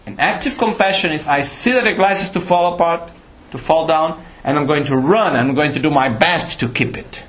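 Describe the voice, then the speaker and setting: Man teaching, slightly high voice, roomy hall. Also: moderate pace, a bit bright. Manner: explanatory, asks the audience questions, non-native phrasing. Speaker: Buddhist teacher. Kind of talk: Dharma teaching to a live audience. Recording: roomy hall, faint ambience.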